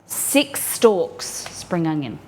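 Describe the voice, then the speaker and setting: A woman's voice: on the low side, very animated, very slow, a little mellow, a little hiss or hum. A woman, chatting upbeat to her viewers while she cooks in her home kitchen. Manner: chatty, upbeat, reacts to chat while cooking. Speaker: cooking streamer. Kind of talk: live cooking stream chat.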